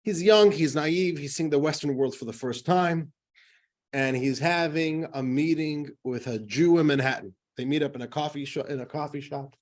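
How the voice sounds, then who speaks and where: A man's voice: fairly high pitch, moderate pace. A man teaching a class as a rabbi, in a chatty, joking style full of fillers. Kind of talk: casual classroom lecture.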